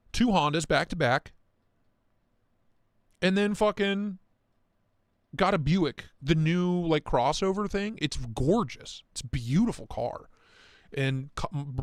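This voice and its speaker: A man hosting a casual live stream, talking in excitable, profane, rambling rants. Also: fairly high pitch, no room sound, studio quality. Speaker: livestream host.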